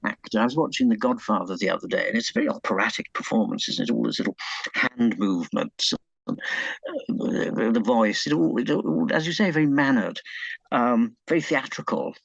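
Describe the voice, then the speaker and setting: A man with a gravelly, husky voice talks through an interview, stopping and restarting his sentences as he enthuses about old cinema. The recording is dull and dry, with no room sound. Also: medium pitch, animated, fairly quick, a bit bright, no room sound. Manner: hesitant, many fillers and restarts, enthusiastic about old films. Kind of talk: conversational interview.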